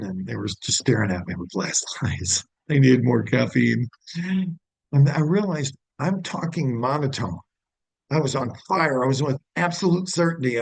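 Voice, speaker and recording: A middle-aged male sales trainer with a gravelly, husky voice, heard close and dry. He teaches in a conversational way and breaks into bright, friendly phone greetings as examples. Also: medium pitch, dry recording, poor audio. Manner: demonstrates phone greetings in an upbeat voice.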